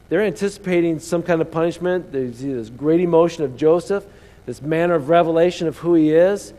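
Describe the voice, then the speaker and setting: A male pastor preaches with a fairly high voice and animated, storytelling energy. He calls out to his congregation. His words ring through a church sanctuary that has a long echo. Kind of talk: sermon. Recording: long hall reverb.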